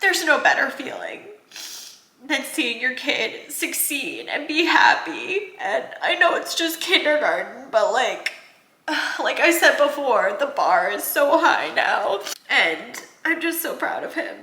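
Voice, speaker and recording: Rambling, teary young mom, bright voice. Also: female voice, high voice, sing-song, slow. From New Jersey. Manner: emotional, rambling with many restarts and fillers. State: tearful, crying. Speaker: vlogger, working mom. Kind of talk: casual vlog talk to camera. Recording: roomy echoey room sound.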